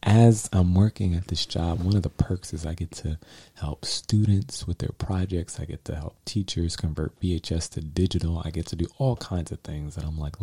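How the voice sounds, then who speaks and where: A young man from New York, co-hosting a podcast, telling stories in a lively, laughing way. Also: low-pitched, gravelly, slightly rough, no room sound. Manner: animated, laughing storyteller. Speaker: podcast co-host. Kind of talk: casual storytelling chat.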